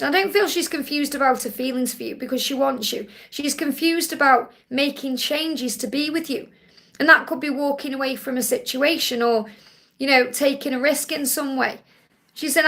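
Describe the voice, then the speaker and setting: A woman's voice: sits high, a little fast, fairly bright tone. A woman reading tarot cards live for viewers' questions, reassuring and often checking in with "okay?". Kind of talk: live-stream Q&A card reading.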